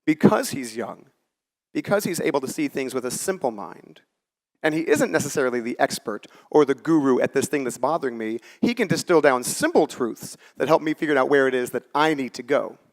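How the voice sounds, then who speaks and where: At medium pitch and a fairly quick clip, a man in his forties addresses a live conference audience with lively intonation. His story-driven talk feels conversational, and he acts out the lines he quotes.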